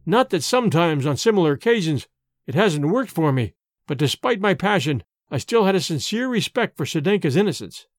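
Expressive male storybook narrator. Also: on the high side, a little fast, no room sound. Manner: expressive, dramatic first-person storytelling. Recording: dry close recording with faint music.

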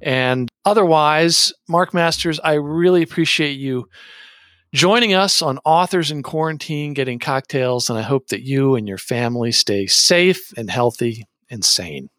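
A man's voice: mid-range voice, measured pace, fairly bright tone, no room sound, clean studio sound. A man hosting a podcast, chatting with a guest in a jokey, upbeat way. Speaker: podcast host. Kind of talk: casual podcast chat.

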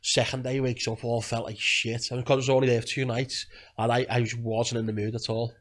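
A man's voice: mid-range voice, little pitch movement, a little fast, fairly bright tone. A man telling a rambling, crude holiday story on a podcast, laughing and swearing as he goes. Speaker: podcast guest. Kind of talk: casual chat, storytelling.

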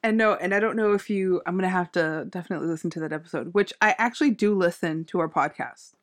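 Woman co-host, fairly low voice, earnest, enthusiastic, casual podcast chat. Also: quick pace.

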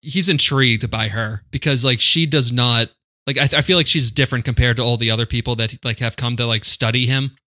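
A man's voice: medium pitch, steady tone, fairly quick, pushed and bright, no room sound. A man co-hosting a casual podcast, recapping a film's plot in a dry, profane way. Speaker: podcast co-host. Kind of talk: casual film-discussion chat.

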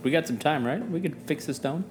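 A man's voice: a little high, brisk, noisy background. A man playing a tabletop game, asking questions and making dry remarks. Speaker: player. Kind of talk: casual tabletop banter.

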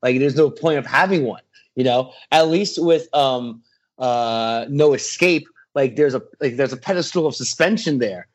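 A man's voice: mid-range voice, normal speed, muffled recording. A young man co-hosting a podcast movie review, blunt and profane, often restarting his sentences. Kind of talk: casual chat.

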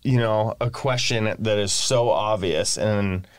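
A man's voice: on the low side, slow, dry recording, clean studio sound. Jokey man telling a story. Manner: jokey storyteller, laughs a lot. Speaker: podcast guest. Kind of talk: casual chat. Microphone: studio microphone.

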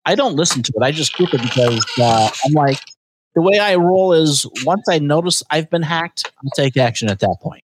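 A man hosting a casual podcast, ranting in exasperation and jumping up in pitch for emphasis. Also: lively intonation, moderate pace, background noise. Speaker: podcast host.

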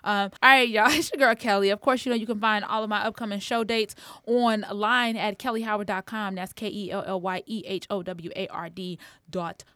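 Expressive woman hosting a podcast. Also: mid-range voice, fairly quick, dry recording. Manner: expressive, laughing storyteller. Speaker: podcast host, comedian. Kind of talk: casual chat.

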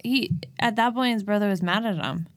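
A woman's voice: medium pitch, fairly quick. A woman co-hosting a podcast, chatting casually about a movie with short, dry agreeing remarks. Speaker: podcast co-host.

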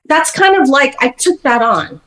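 A woman in her fifties, a guest author on a podcast, telling her story in an animated way with many fillers. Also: sits high, unhurried. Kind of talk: podcast interview.

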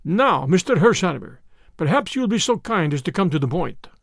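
A man's voice: high-pitched, sing-song, fairly quick, vocal fry, no echo, studio quality, heavily acted. A man doing a silky Russian schemer. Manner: soft, silky, turning hysterical.

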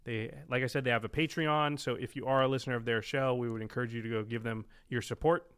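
A man's voice: mid-range voice, steady tone, fast, fairly bright tone, clean tone. A man co-hosting a podcast about a card game, chatting casually with his co-host and often trailing off with fillers. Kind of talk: casual chat.

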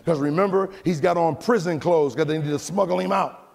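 An American pastor preaching a sermon, with a rhythmic preaching cadence that rises into shouted, half-sung peaks. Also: male voice, a little high, a little fast, vocal fry. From United States. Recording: long hall reverb.

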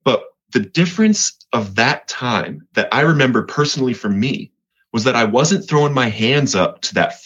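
Man from Colorado, earnest testimony, low husky voice, lo-fi sound. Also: a bit bright. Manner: earnest, repeats words, voice rises when reliving moments. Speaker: guest telling his recovery story. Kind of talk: personal testimony in an interview.

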